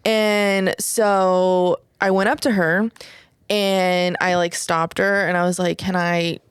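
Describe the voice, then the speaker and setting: A woman's voice: on the low side, level tone, slow, clean tone, no room sound, studio quality. A woman, telling a personal story in casual podcast chat, full of "like" and "whatever" and the odd swear. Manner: candid storytelling, frequent "like" and "whatever".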